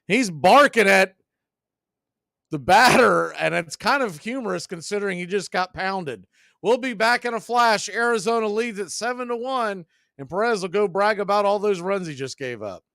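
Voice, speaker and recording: Dry, steady baseball play-by-play man. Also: normal speed, vocal fry, no room sound. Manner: steady, wry calling of pitches. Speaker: play-by-play announcer. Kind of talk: radio play-by-play commentary.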